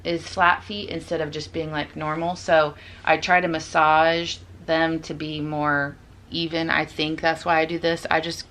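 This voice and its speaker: A woman's voice: low voice, little pitch movement, measured pace, fairly bright tone, slight background noise. A young woman, a mother, chatting casually in a home vlog and explaining each step as she does it. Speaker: vlogger and mother. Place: home bedroom.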